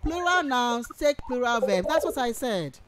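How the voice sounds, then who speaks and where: A woman lecturer, teaching on radio and taking calls, who speaks warmly and affectionately and repeats points patiently. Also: on the high side, big pitch swings, moderate pace, crowd noise. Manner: affectionate, calls listeners sweetheart and my dear. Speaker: university lecturer. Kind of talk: radio lecture with call-ins.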